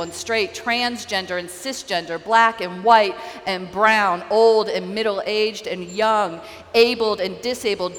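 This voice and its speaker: A woman pastor preaching a sermon, telling a story in an earnest, deliberate way. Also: medium pitch, long reverb tail.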